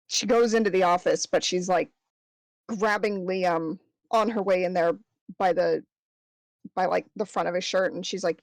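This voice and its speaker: A woman's voice: fairly low pitch, steady tone, normal speed, no room sound, low-quality recording. Swearing, laughing tabletop player woman. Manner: swears freely and laughs easily. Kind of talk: casual tabletop role-play narration.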